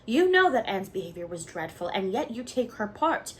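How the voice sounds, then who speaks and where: A woman's voice: lowish voice, expressive, fast, fairly bright tone, slight background noise. A woman reading aloud voices a stern middle-aged spinster who scolds in a dry, firm way.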